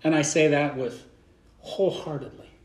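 Fervent Baptist pastor preaching in an echoey church. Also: male voice, a little high, steady tone, normal speed, darkish tone. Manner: fervent, folksy preaching with repeated words. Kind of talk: sermon. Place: church sanctuary.

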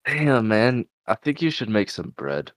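A man's voice: medium pitch, sing-song, unhurried, dry recording, studio quality. A young man hosting a podcast, chatting casually in a laid-back way, swearing and laughing often. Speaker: podcast host. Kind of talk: casual chat.

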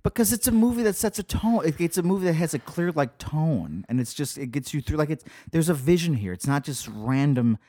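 A man's voice: a little high, expressive, a little fast, hardly any pauses, dark tone, dry recording. Chatty man reviewing a film. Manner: chatty, emphatic, lots of agreeing fillers. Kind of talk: casual chat reviewing a film.

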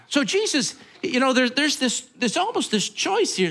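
A man's voice: extremely high pitch, wildly swooping pitch, measured pace, pushed and bright. A male pastor, preaching in a conversational, rambling way full of asides and restarts. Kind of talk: sermon.

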